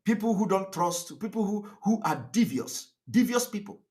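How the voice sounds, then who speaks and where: A man's voice: high voice, expressive, moderate pace, darkish tone. A man giving an impassioned broadcast monologue, mocking his critics with laughs and repeated rhetorical questions. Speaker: activist broadcaster.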